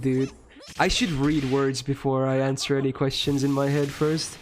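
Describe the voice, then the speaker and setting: A man's voice: mid-range voice, little pitch movement, a little slow, a little hiss or hum. A young man streaming a game and chatting casually with his viewers, answering their questions in a rambling way and swearing freely.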